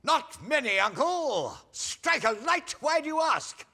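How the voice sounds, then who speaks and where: An actor playing a camp, pompous veteran stage actor rehearsing as a pantomime dame, theatrical and full of himself. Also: male voice, very high voice, very animated, measured pace, pushed and bright, full character voice. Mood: hammy. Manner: theatrical, pompous, speaks stage directions aloud. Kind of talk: TV comedy drama acting.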